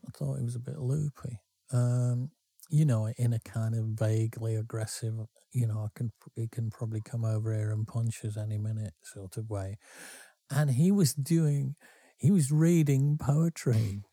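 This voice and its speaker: Brief: male podcast co-host, mellow, loose self-interrupting storyteller. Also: mid-range voice, steady tone, normal speed, creaky, slightly rough, no room sound. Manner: rambling, self-interrupting anecdotes. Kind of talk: casual storytelling.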